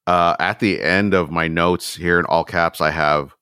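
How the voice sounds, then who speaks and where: A man's voice: low voice, fairly even intonation, measured pace, bright, forceful tone, clear, resonant tone, no room sound, clean studio sound. A man in his thirties co-hosting a casual podcast, easygoing and hesitant, with many fillers. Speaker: podcast co-host. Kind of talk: casual chat.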